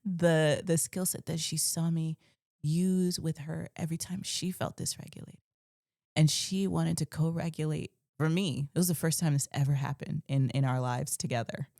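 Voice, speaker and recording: A young woman with a low, gravelly voice talks earnestly about parenting. Her tone is mellow and dark, and she shares a personal story in a confessional, meandering monologue. The recording is close and dry. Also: steady tone, moderate pace, no echo. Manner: earnest, confessional, rambling with restarts. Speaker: parenting channel host.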